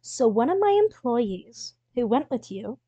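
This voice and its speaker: A frazzled science-facility boss, voiced by a woman, swings from shrill panicked outbursts to low quiet threats. Her voice sits fairly high. The sound is dry and a little dull, like a lo-fi home mic. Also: big pitch swings, a little slow, no room sound. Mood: frantic. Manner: shrill frantic outbursts turning to low menace.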